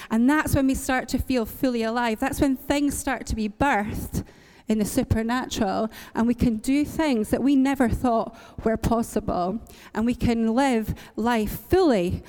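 A woman's voice: on the high side, a little mellow, big-room sound. A woman from Northern Ireland preaching a sermon, earnest and encouraging, repeating lines for emphasis. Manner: earnest, encouraging, with light laughs and repetition for emphasis.

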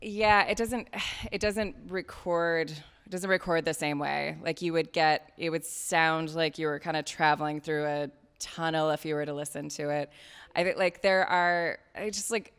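Low, smooth-voiced woman podcaster in a hall. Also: fairly bright tone. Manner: chatty, frank, loose with swearing. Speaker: podcast host giving advice. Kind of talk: casual talk at a panel.

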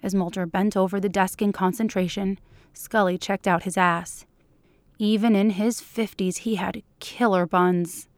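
A woman reading fan fiction aloud for a podcast in a measured, unhurried way. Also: mid-range voice, steady tone, no echo. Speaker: podcast reader.

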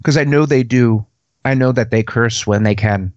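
A man's voice: medium pitch, normal speed, a little mellow, no echo, muffled recording. A man co-hosting a casual podcast, telling a story in a rambling way and laughing often. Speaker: podcast co-host.

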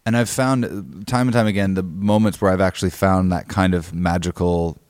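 A man's voice: low-pitched, fairly even intonation, a little fast, darkish tone, clear, resonant tone, dry recording, clean studio sound. A man, a guest musician, telling a story in a casual interview, rambling with many restarts and fillers.

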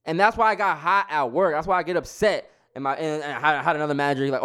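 A man's voice: a little high, very fast, fairly bright tone, clean tone. A young man ranting heatedly in a casual monologue, swearing often and restarting his sentences. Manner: heated, profane, repetitive restarts. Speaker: vlogger.

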